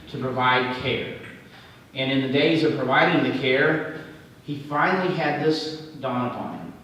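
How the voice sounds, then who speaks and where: A man's voice: mid-range voice, fairly bright tone, far from the mic, a little hiss or hum. Folksy man speaking in an echoey hall. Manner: folksy storytelling, joking asides. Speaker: regional Red Cross executive. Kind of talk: banquet speech. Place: large banquet hall.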